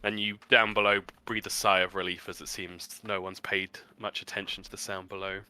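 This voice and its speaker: Man, game master, bright voice, rather low, casual narration with ums. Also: flat delivery, fairly quick, clear, resonant tone. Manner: loose and casual, many fillers.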